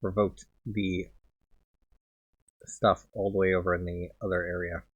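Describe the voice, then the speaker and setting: A man's voice: deep voice, flat delivery, unhurried. A man doing casual let's play commentary, thinking aloud and muttering as he plays a video game.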